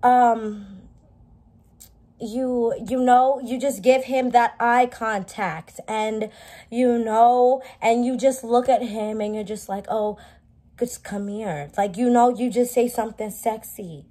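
A woman putting on a polite customer service voice, soft and hesitant with many fillers. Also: a little high, steady tone, takes it slowly. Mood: prim. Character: overly polite female customer service worker.

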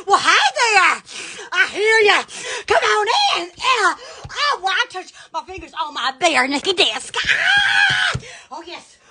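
A woman's voice: very high-pitched, background noise. A woman hosting a silly live stream, goofy and squealing, laughing a lot. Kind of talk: silly improvised live chat.

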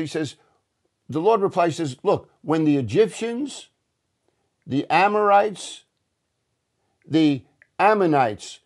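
A man's voice: fairly high pitch, a little mellow. Conversational man preaching a sermon. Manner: earnest, conversational preaching with frequent restarts. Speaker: pastor. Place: church.

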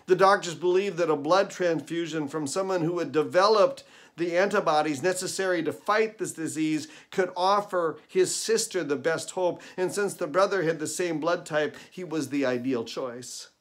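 A man's voice: a little high, normal speed, a bit bright. A man, a pastor, giving an earnest, emphatic sermon with repeated phrases in a recorded devotional video. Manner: earnest, emphatic preaching with repetition.

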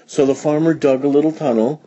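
A man reading a picture book aloud for young learners, animated, with big jumps in pitch for emphasis. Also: fairly quick. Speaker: storybook reader.

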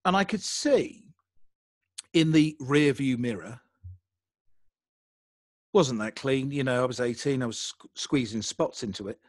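A young adult English man telling a story in a casual interview, animated and self-deprecating. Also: mid-range voice, a little slow, pauses often, no echo, studio quality. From England. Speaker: podcaster guest.

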